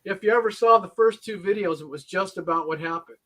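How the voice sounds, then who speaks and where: A man with a high-pitched voice talks as a guest on a livestream. He explains things patiently, step by step, in a casual, conversational way. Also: quick pace, bright, forceful tone. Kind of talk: casual chat. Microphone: livestream call.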